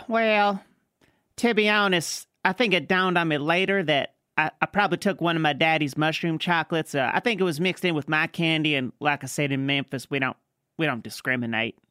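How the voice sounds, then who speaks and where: Женщина играет хвастливого болтливого южанина с южноамериканским акцентом, который медленно и сбивчиво рассказывает байку. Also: female voice, sits low, normal speed, a bit bright, clear, resonant tone, no room sound, studio quality. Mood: drawling yarn. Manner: drawling, rambling, full of fillers. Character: boastful rambling Southern man, storyteller. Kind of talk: improvised comedy character.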